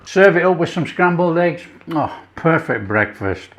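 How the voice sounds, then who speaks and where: Here a man from England runs a cooking channel, tasting what he's made amid excited chuckles and appreciative sounds. He speaks at a measured pace in a fairly high, animated voice, keeping the vlog casual.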